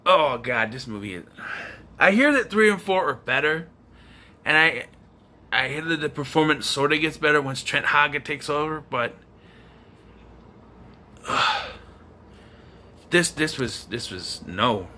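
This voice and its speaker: A young man hosts a casual movie review, sounding fed up and sarcastic as he picks the plot apart. His voice sits a little high and has a sharp, tense brightness, and his pitch swings widely. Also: expressive, measured pace, pauses often. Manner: exasperated, sarcastic ranting.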